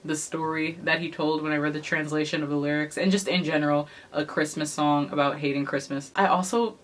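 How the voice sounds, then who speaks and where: Low-pitched woman vlogger; casual, opinionated commentary delivered with chatty laughter. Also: steady tone, brisk, a little hiss or hum. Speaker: K-pop commentary YouTuber.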